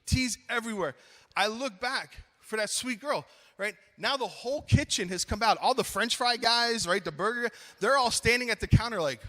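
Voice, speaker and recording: A middle-aged man preaching at a youth conference, telling a funny story with lively acted-out dialogue, then slowing into earnest appeals. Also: very high voice, in a large hall. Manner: animated, acts out his own story, then slows to earnest appeals. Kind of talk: storytelling sermon.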